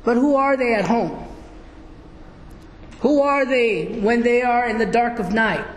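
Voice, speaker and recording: Slow, high-voiced preacher in an echoey hall. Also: male voice, slight background noise. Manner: slow, questioning the congregation. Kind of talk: sermon.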